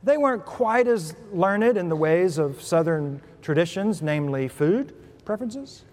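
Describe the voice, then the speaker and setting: Pastor preaching in a reverberant hall. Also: male voice, measured pace. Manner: storytelling with humor, lively shifts in pitch and volume. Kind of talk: sermon.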